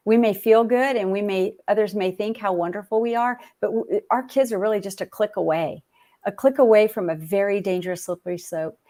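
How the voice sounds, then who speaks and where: A woman's voice: mid-range voice, brisk, dark tone. Reflective woman author in conversation. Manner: reflective, repeats phrases for emphasis. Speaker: author and interview guest. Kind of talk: conversational interview.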